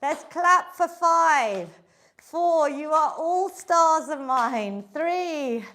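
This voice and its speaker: A woman's voice: high voice, animated, extremely slow, bright, forceful tone. A middle-aged woman leading a live online exercise class, encouraging and chatty as she coaches and counts reps. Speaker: fitness instructor.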